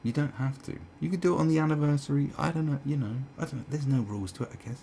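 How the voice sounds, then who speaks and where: A man's voice: a little high, very fast, vocal fry, mellow, slight background noise. A man delivering a heated, profane commentary rant, full of stumbles and restarts. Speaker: commentary vlogger. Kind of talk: ranting commentary.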